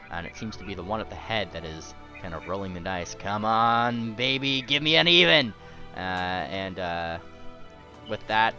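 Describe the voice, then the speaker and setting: A man narrating as game master of a tabletop game, rambling and halting with many fillers. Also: on the low side, fairly bright tone, lo-fi sound. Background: music.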